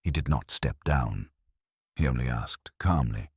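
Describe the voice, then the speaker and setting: Very deep male narrator, dramatic audiobook reading, dry close recording. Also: lively intonation, a little slow, breathy edge, no echo.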